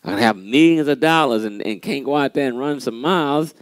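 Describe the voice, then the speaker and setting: A man hosting a motivational church pep talk, animated and preachy, often saying "man" and repeating key lines for emphasis, with a playfully sarcastic edge. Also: medium pitch, fairly quick, no echo.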